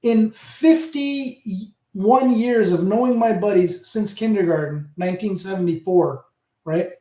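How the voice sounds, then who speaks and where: A tipsy man in his fifties with a Canadian accent hosts a loose livestream chat, rambling and swearing as he goes. His voice sits fairly high yet sounds warm and mellow. The room around him is echoey. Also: unhurried. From Hamilton, Ontario, Canada. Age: 50s. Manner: rambling, profane, chatty. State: tipsy from drinking. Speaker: livestream host. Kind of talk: casual livestream chat with viewers.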